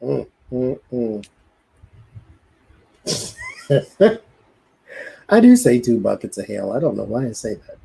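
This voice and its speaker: Gravelly, husky Southern man chatting. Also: mid-range voice, big pitch swings, takes it slowly, pauses often, warm tone, poor audio. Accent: Southern US country. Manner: laughs often, rambling and self-interrupting. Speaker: co-host. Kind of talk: casual livestream chat.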